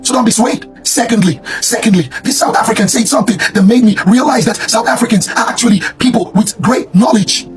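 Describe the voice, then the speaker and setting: A man with a hoarse, worn voice, ranting in a repetitive, preachy reaction commentary. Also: extremely high pitch, a little fast, few pauses, soft background music. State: hoarse, lost voice.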